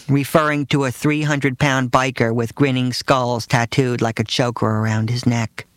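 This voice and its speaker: Man, memoir reading, matter-of-fact, dry delivery, mid pitch, close mic, no room echo. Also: steady tone, a little slow, hardly any pauses. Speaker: narrator reading his own memoir. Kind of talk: first-person memoir reading.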